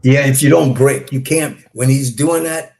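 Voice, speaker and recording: A man's voice: medium pitch, moderate pace, gravelly, over a noisy crowd. A man recalling film crew work in casual chat, leaning on "you know" and repeating himself. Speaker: film crew member guest.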